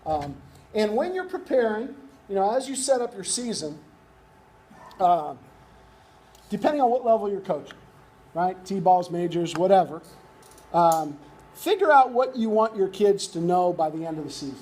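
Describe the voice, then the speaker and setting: A man's voice: sits high, animated, moderate pace, pauses often, a little mellow. A man giving a coaching workshop talk, conversational, constantly checking in with "right?". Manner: conversational, keeps asking "right?". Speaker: youth baseball coaching instructor.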